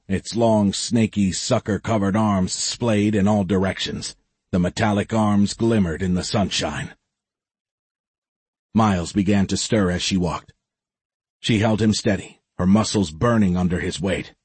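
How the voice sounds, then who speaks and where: A man narrating an audiobook in a steady, measured storytelling voice. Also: lowish voice, slightly rough, dry recording. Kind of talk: scripted narration.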